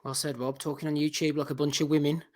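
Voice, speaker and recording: A man hosting a podcast segment briskly, running through a list between jokes. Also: on the high side, little pitch movement, darkish tone. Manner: brisk, runs the segment, lists items. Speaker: podcast host. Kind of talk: casual banter.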